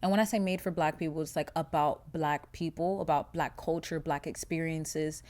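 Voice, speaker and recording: A young woman hosting a podcast, talking in a casual, animated, profane monologue full of filler words. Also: sits low, moderate pace. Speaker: podcast host.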